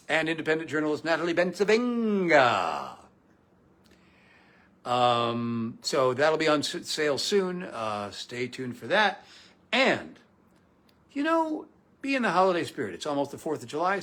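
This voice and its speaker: A man's voice: a little high, fairly bright tone. A man hosting a comedic political talk show, sarcastic and profane. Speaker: political commentator and show host.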